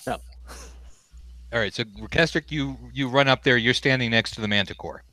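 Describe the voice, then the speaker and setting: A man's voice: mid-range voice, pushed and bright, no room sound, low-quality recording. A man acting as dungeon master, narrating a tabletop game with many ums and uhs. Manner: halting, full of ums and uhs. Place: home game room on camera.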